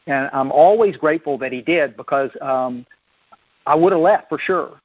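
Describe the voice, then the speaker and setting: A folksy, self-deprecating man with a drawl tells his recovery story at a meeting. His voice sits fairly high for a man, and he stumbles and restarts often. The recording is dull and lo-fi with a dry, close sound. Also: normal speed, no echo. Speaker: recovery speaker.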